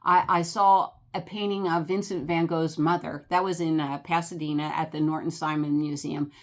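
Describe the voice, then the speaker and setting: A woman's voice: low-pitched, normal speed. Older New Jersey woman, travel vlogger, rambling chatty delivery, full of fillers. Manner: chatty, animated, many fillers and laughs. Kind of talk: casual rambling chat.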